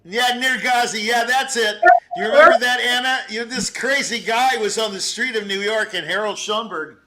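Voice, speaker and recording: An older man giving rambling, animated feedback on a piano performance, singing out phrases and laughing as he talks. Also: high-pitched, normal speed, a loud crowd. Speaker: competition juror giving feedback. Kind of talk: spoken critique of a performance.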